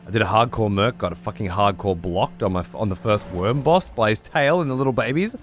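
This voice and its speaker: A man streaming a video game, chatting casually and swearing freely with excitable outbursts. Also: fairly low pitch, fairly quick, soft background music. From United Kingdom. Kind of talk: casual gameplay livestream chat.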